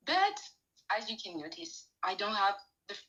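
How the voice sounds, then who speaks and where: A woman's voice: medium pitch, big pitch swings, moderate pace, a bit bright, breathy edge, dull audio. A teenage girl from France, a student guest, talking nervously and hesitantly with many fillers. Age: teens. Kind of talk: nervous interview chat.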